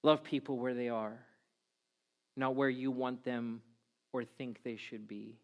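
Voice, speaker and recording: A middle-aged man preaching a sermon in a church, telling stories with lively acted-out voices. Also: mid-range voice, unhurried, dull audio. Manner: animated storytelling with acted-out voices. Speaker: pastor.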